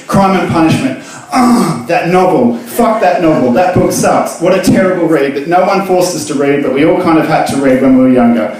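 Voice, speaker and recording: A man's voice: fairly high pitch, expressive, normal speed, darkish tone. A young man giving a crude, self-mocking comic reading of his own piece in a pub. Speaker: comic reader at a book launch. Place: pub function room, live audience. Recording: echoey pub room.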